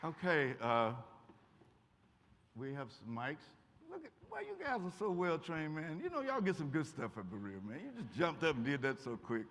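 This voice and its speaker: An older man with an Eastern Kentucky accent speaks as a guest in a college auditorium, giving a folksy, joking lecture and fielding audience questions. His voice sits fairly high with huge pitch swings, a moderate pace, and a fairly bright tone. The hall sounds echoey.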